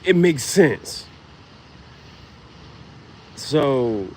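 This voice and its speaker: A man's voice: mid-range voice, a little hiss or hum. A man vlogging in a casual comedic monologue, laughing often and swearing in slangy storytelling.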